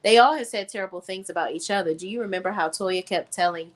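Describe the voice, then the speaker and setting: A woman hosts a casual gossip chat. She talks in an emphatic, sassy way and keeps checking in with her listeners. Her pitch sits in a middle range. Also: quick pace. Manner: sassy, emphatic, says "okay?" and "honey" often. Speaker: podcast co-host.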